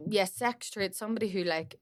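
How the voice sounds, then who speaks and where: A woman co-hosting a comedy podcast, riffing playfully with quick jokes. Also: medium pitch, a crowd in the background. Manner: quick, playful riffing, frequent laughter between lines. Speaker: podcast co-host. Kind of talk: casual comedic chat.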